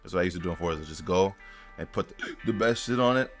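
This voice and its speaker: A man giving casual, slangy commentary while playing a racing game, excitable and profane, chatting to his viewers. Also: sits low, fast talker, faint music behind. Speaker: gaming YouTuber.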